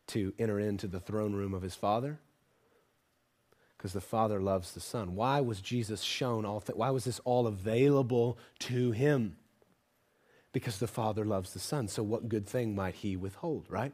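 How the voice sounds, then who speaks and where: A man with a medium-pitched voice preaches to a congregation, shifting from quiet, intimate asides to loud, emphatic passages. He frequently poses rhetorical questions to his listeners.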